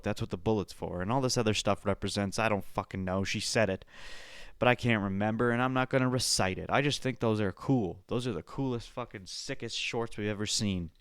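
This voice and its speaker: A man's voice: on the low side, clear, resonant tone, no room sound, studio quality. A young man hosting a podcast, breaking down fights in a loose, profane, chatty way. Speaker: podcast host.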